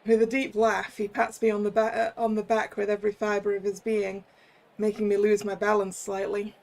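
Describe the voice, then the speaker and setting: A woman's voice: mid-range voice, monotone, moderate pace, vocal fry, darkish tone. A British woman streamer reading a visual novel aloud, joking about her own accent work. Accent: British English. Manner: self-deprecating, giggly. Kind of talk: reading a game aloud with commentary.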